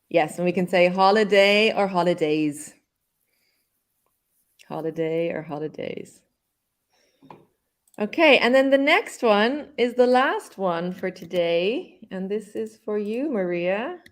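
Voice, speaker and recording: A woman's voice: medium pitch, lively intonation, slow pace. A woman hosting a live online English lesson, patiently explaining and repeating words.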